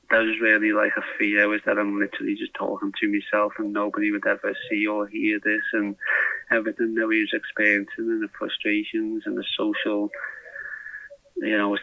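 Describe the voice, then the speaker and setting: A podcast diarist records his diary from a prison cell over a phone handset, and the phone line recording is dry. His voice is fairly low, gravelly and bright, with a forceful tone. He rambles and hesitates, often restarting.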